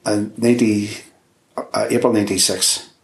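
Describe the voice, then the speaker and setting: A man's voice: lowish voice, little pitch movement, moderate pace, slight background noise. An older man with a Belfast accent, recounting his past in an interview in a rambling, storytelling way full of restarts. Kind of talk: oral history interview. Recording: roomy echo.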